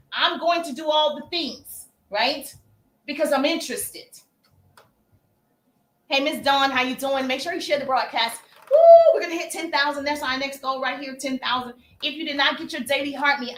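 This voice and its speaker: A woman's voice: high-pitched, bright, forceful tone, reverberant. A woman hosting a casual sales-coaching live stream, chatty, calling her viewers baby and acting out sample messages. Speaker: livestream host and sales coach.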